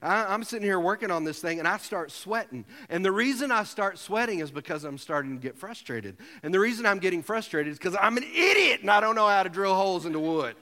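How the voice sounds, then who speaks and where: Bright-voiced pastor in a reverberant hall. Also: male voice, high voice, lively intonation, fast, few pauses. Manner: humorous storytelling, self-mocking. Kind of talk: sermon. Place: church sanctuary.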